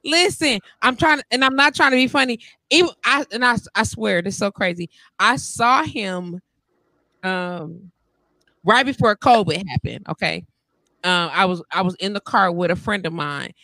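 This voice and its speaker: A woman's voice: medium pitch, no room sound, rough recording. A woman telling a funny story in casual chat, laughing often and acting out the voices of the people in it. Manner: animated, laughs often, acts out quoted voices.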